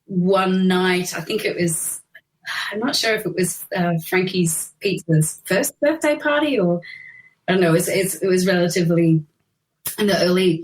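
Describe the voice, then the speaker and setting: A woman singer, a guest, telling lively anecdotes in casual chat, laughing often and acting out quotes. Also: fairly low pitch, poor audio.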